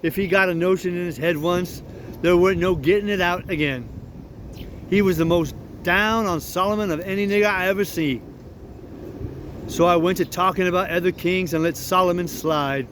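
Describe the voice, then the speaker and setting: A man narrating an audiobook chapter in measured storytelling dialect. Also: sits high, fairly even intonation, a bit bright, slight background noise. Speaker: audiobook reader. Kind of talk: scripted narration.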